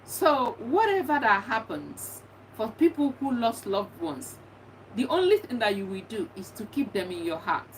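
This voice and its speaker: A woman's voice: fairly high pitch, big pitch swings, normal speed. A middle-aged woman, a bereaved mother, giving earnest and encouraging advice, often repeating herself. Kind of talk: personal testimony talk. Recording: distant mic with faint background noise.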